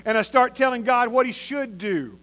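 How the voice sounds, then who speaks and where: Man, sermon, high-pitched, chatty preaching, repeats phrases. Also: moderate pace, fairly bright tone. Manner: conversational, repeats phrases for emphasis. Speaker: pastor.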